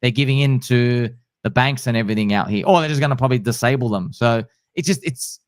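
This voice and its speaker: A male host chatting casually, excitable and slangy, acting out what others say. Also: medium pitch, quick pace, no echo, studio quality. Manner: excitable, slangy, acts out quotes. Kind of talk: casual chat.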